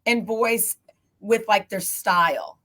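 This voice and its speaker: Chatty animated woman moderating a panel. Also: medium pitch, slow pace. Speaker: panel moderator, TV news anchor. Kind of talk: casual panel discussion.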